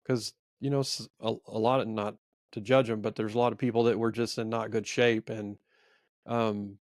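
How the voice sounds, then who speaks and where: A man's voice: lowish voice, little pitch movement, normal speed, a little mellow, no echo, studio quality. Earnest middle-aged man telling a story. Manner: earnest, rambling, self-reflective. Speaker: podcast co-host. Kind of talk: casual storytelling chat.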